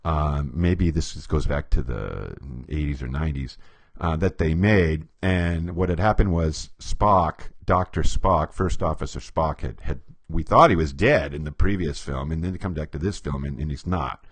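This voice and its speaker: A man's voice: a bass voice, normal speed, breathy edge, dry recording. A man working as a behavior profiler who explains personality types with stories, acting out quotes and chuckling often. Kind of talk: storytelling explanation to camera.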